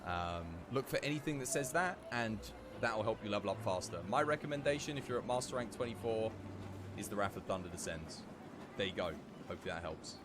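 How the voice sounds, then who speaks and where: A man streaming live and chatting casually as he plays, given to high giggling fits. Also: lively intonation, a little fast, noisy background. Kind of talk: live gameplay commentary.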